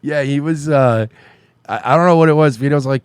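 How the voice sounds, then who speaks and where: A man's voice: fairly low pitch, expressive, fast talker, clear, resonant tone, no room sound. Profane, laughing male podcast co-host. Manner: profane, laughing, does mock voices. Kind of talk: crude comedic banter.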